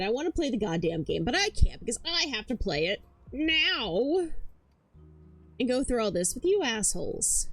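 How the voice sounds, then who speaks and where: There's soft music behind this streaming woman, whose slightly high voice is very animated, a bit slow, and broken by frequent pauses. She chats and rambles casually, swearing plenty, stumbling and repeating herself, with a tired but hyper energy.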